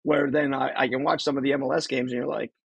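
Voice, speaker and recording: Gravelly New Jersey man, casual sports chat. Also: mid-range voice, flat delivery, fast talker, no room sound, muffled recording. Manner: rambling, repeats words. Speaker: podcast co-host.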